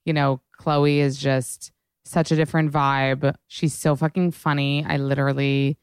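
A young woman hosting a podcast, chatting casually and excitedly, with lots of swearing and filler words. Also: rumbling low, clean tone, no echo. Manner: gushing and fast, heavy swearing and "like". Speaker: podcast host. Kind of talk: casual chat.

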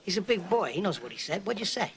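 An actor playing a menacing, hot-tempered gangster in a film scene, needling and profane. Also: male voice, high voice, very animated, quick pace, creaky, crowd noise, heavily acted.

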